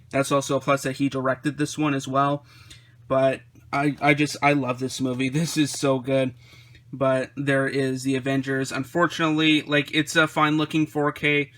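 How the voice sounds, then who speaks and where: A young man talks through his collection in a loose, rambling way, full of "uh"s and restarts. His voice stays flat and even, with little rise or fall, at a middle pitch. It sounds like easy, unscripted vlog chat. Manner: relaxed, rambling with frequent fillers and restarts. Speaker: vlogger reviewing his disc collection. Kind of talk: casual vlog commentary.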